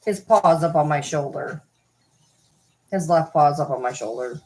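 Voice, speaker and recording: Lady chatting at her cat on a vlog, low-ish voice, swears a lot, coos at him. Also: expressive, measured pace, a little mellow. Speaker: vlogger. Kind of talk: casual chat to her cat.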